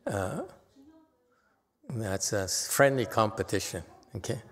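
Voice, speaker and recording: A man's voice: on the low side, unhurried. An older man giving an unscripted dharma talk as a Buddhist teacher, blunt and exhorting, often checking in with "okay?". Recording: long reverb from a hall.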